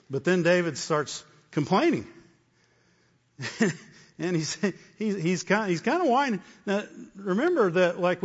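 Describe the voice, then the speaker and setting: A man preaching a sermon with repeated phrases, often asking "Amen?". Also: high voice. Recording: dull, echoey hall.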